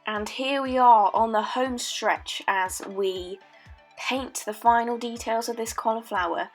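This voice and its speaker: A British art student in her late teens narrates her painting video at home in a put-on Australian accent, giving it a playful mock-documentary feel. Her fairly high voice moves at a measured pace in this joking voice-over, with soft music humming underneath.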